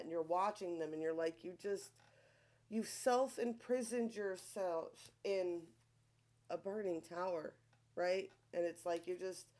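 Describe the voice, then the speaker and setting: A woman's voice: on the low side, a little mellow. A woman with a Long Island accent giving a casual tarot reading, chatty and profane, often tagging her points with a questioning "right?". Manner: chatty, keeps asking "right?", swears freely. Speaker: tarot reader.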